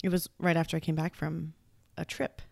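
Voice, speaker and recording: A woman's voice: low voice, flat delivery, fairly quick, creaky, no echo. A woman co-hosting a podcast in casual chat, with a dry, sarcastic manner. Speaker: podcast co-host.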